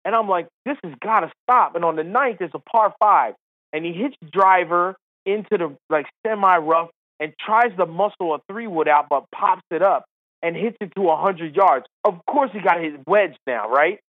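A man, a former tour caddie, telling a story as a podcast guest in casual chat, animated and laughing as he acts out the people in it. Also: high voice, normal speed, no room sound. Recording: tinny phone-line sound.

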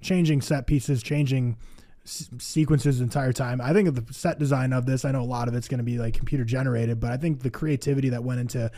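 A man's voice: medium pitch, fairly even intonation, fast, mellow. A man on a podcast, gushing about a movie in casual chat with many filler words.

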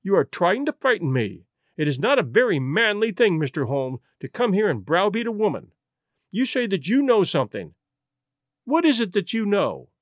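A man's voice: high voice, sing-song, normal speed, no room sound, studio quality. A man voicing a desperate pleading noblewoman. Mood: defiant. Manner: pleading, emotional. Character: desperate young noblewoman pleading to save her marriage. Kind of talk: audiobook reading.

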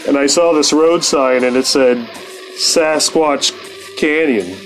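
A man's voice: fairly high pitch, slow, faint music behind, poor audio. A man telling a story as a podcast host, with loose, rambling, heavily profane casual talk and frequent laughs.

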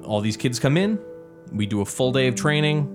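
A man's voice: medium pitch, normal speed, over music. Tired, swearing man telling a story. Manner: swears freely, animated storyteller. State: tired, yawning. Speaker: podcast co-host. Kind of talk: casual chat.

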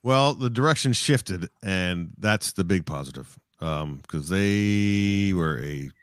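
A man's voice: deep voice, animated, slow, smooth, dry recording, studio quality. A middle-aged man, a sportscaster, telling stories in a casual interview, rambling and reflective with many restarts. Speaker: sportscaster guest.

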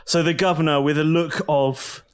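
A British man narrating a tabletop game as dungeon master and host, with lively, cheerful storytelling. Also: on the high side, moderate pace, smooth. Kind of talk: tabletop game narration and podcast shout-outs.

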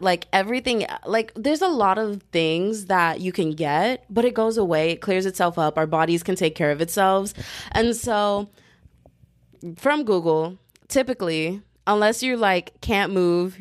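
A young adult woman, a student and podcaster, telling a story in a casual, animated and dramatic way, full of slang and quick asides. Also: on the low side.

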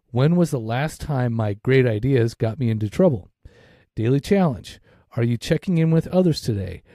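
A man's voice: medium pitch, warm tone, dry recording, clean studio sound. A middle-aged man co-hosting a recovery podcast, talking candidly with profanity and plenty of fillers. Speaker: podcast co-host. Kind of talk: casual recovery podcast talk.

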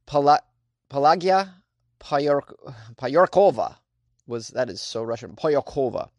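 A man hosting a comedic weird-news podcast, reading stories with animated jokey asides. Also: fairly high pitch, no echo, studio quality. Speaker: podcast host.

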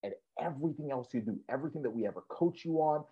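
A man's voice: mid-range voice, animated, fast, slightly rough. A man co-hosting a podcast and coaching students, talking casually and energetically, often repeating himself and laughing. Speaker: podcast co-host, physical therapist coach. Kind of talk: casual podcast talk to listeners. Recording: muffled lo-fi sound.

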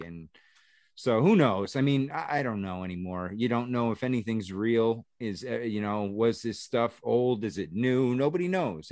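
A man's voice: fairly low pitch, darkish tone, no echo, clean studio sound. A man hosting a podcast, talking in an offhand, sceptical way and thinking aloud. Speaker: podcast host. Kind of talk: casual chat.

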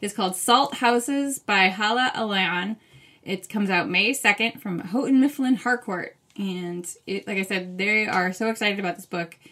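Woman co-hosting a book podcast, middle pitch, gushy and chatty, laughs a lot. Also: moderate pace, bright, forceful tone. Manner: enthusiastic, gushing, laughs easily. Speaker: podcast co-host. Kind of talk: casual book chat.

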